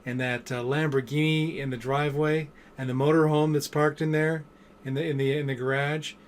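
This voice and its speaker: A boastful rich boss shows off his estate, teasing and pleased with himself, as a man tells the story on his vlog. The voice stays a little high for a man. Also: level tone, moderate pace, natural voice. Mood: boasting. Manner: showing off, teasing. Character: boastful wealthy male boss.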